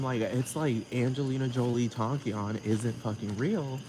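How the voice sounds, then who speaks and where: Man, mid-pitched voice, sassy profane rant, laughing a lot, outdoors at night, noisy background with crickets. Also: fairly even intonation, a little slow. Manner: sassy, heavy swearing, frequent laughter. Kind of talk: casual profane rant to camera.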